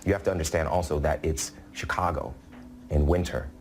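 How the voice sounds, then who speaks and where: A man's voice: very deep voice, fairly even intonation, a little fast, darkish tone, slight background noise. A man giving a television interview, recounting events in an earnest, emotional way. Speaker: interview guest.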